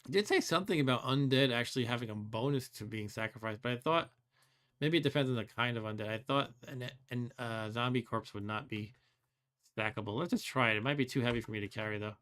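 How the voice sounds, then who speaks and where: A man of middle pitch hosting a let's play, talking through each move as he plays. He muses out loud, second-guesses himself and drops wry complaints with little chuckles. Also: fast talker. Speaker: host.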